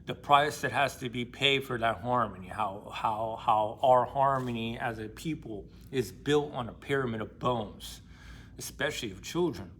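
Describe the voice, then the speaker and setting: A man's voice: medium pitch, moderate pace, fairly bright tone, slight background noise. A young man casually retelling and discussing a novel, in a slangy, profane, emphatic way. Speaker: book discussion vlogger.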